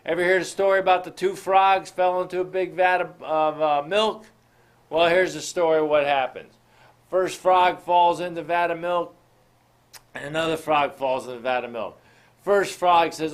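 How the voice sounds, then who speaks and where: A man with a slightly high voice gives a motivational talk, calling his listeners "folks". He moves from story to story and drives his points home with rhetorical questions. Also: steady tone, normal speed. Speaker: motivational show host.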